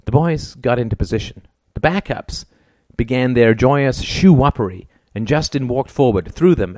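A man reading an audiobook in scripted narration with an even, plain delivery. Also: mid-range voice, normal speed, no echo, studio quality.

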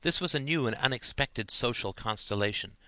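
A man narrating a novel aloud in a measured, dryly humorous way. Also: medium pitch, animated, sharp tone, no room sound. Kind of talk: audiobook narration.

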